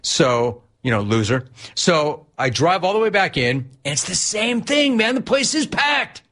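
A man's voice: a little high, big pitch swings, a little slow, fairly bright tone. A man hosting a radio show, telling a story in a chatty, wry, self-deprecating way. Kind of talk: casual storytelling monologue.

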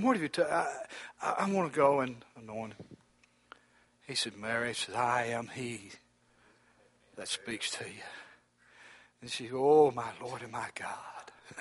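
A man preaches in a fairly high voice, swinging from ringing exclamations down to hushed whispers. He calls out to the brothers by name as he goes. The sound is dry and close, with no room around it. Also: no room sound. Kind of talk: sermon.

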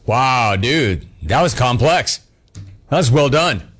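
A man's voice: medium pitch, lively intonation, takes it slowly, a bit bright. A man hosting a talk radio show, taking callers with brash, teasing banter.

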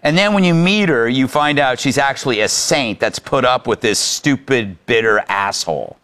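A male talk show host with a lively, swinging delivery. He sounds sarcastic and mocking as he gives his opinions, and his voice rises and falls widely. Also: medium pitch, moderate pace.

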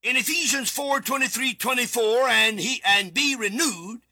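A man preaching a sermon alone in a studio, reading scripture and repeating key words with sudden shouted emphasis. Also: extremely high pitch, normal speed.

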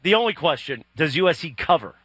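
A man hosts a radio show at a quick clip, his tone bright and forward. He steers the conversation and slips in sponsor reads. The recording is dry and close. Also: a little high, very animated, breathy edge, dry recording. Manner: brisk, steering the segments. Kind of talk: on-air hosting with sponsor reads.

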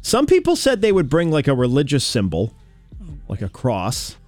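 A man's voice: mid-range voice, wildly swooping pitch, moderate pace, a little mellow, dry recording, soft background music. A man hosting a radio show, chatting casually with co-hosts, laughing easily and often restarting his sentences. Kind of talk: casual studio chat.

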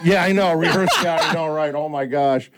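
A man's voice: a little high, moderate pace, a loud crowd. A middle-aged man hosting a casual chat, telling stories and acting out quoted lines. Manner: animated storyteller, acts out quoted lines. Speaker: podcast host.

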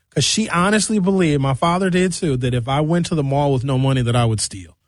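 A man's voice: a little high, a little fast, no room sound. Bawdy joking male radio host. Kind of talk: comic monologue. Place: radio studio.

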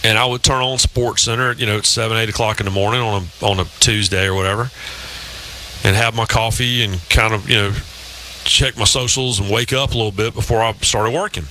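A man's voice: fairly low pitch, fairly even intonation, brisk, pushed and bright, slight background noise, rough recording. A man in his fifties hosting a sports talk show, telling long rambling anecdotes in casual chat. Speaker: radio show host.

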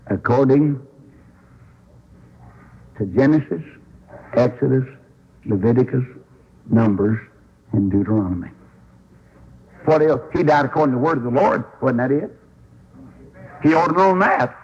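A man's voice: mid-range voice, slightly rough. A man preaching an old-time revival sermon, telling Bible stories in a folksy way and acting out the voices. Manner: folksy storytelling, acts out dialogue, swings up into shouts. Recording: lo-fi radio broadcast recording.

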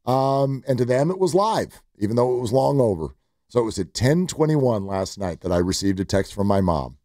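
A man hosts a sports talk radio show and tells animated stories full of quoted asides. His voice sits at a medium pitch and sounds close and dry on a studio microphone. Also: moderate pace, no echo.

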